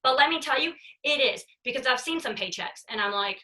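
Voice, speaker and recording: A woman's voice: sits high, sing-song, fairly quick, few pauses, bright, forceful tone, distant mic, rough recording. A woman leading a sales team training, talking in an emphatic, chatty way and repeating her points. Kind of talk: motivational training talk.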